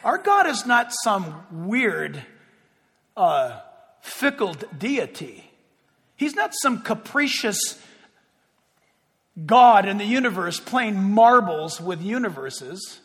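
A man preaching with a high, bright-pitched voice that swoops up and down all the time. He is animated and playful, slipping into quick jokes and acted-out exchanges. His voice rings out with the long echo of a large hall. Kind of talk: sermon.

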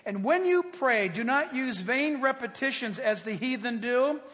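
A man delivers a sermon from the pulpit in a strikingly high voice. He is animated, and his delivery climbs toward near shouts and breaks into laughter as he makes his points. His voice carries a long reverb, as if he is in a large hall. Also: a little slow. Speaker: pastor.

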